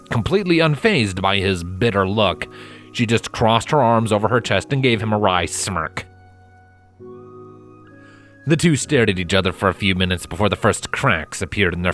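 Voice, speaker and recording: A man narrating a fanfiction story in a calm, steady read-aloud manner. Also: lowish voice. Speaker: fanfiction reader.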